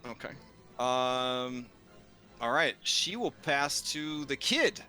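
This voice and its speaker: A man narrating a tabletop game as game master, slow and rambling with many fillers. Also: mid-range voice, lively intonation, sharp tone.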